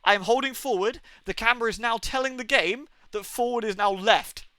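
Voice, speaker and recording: Brief: male streamer, high bright voice, dry mic, animated self-mocking chatter. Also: a little fast, no room sound. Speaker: game streamer. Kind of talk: live gameplay commentary.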